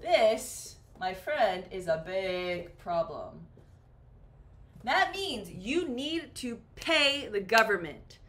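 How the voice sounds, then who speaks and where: A woman's voice: mid-range voice, sing-song, very slow, a bit bright. A woman teaching a beginner English lesson, playful and acting out little example dialogues.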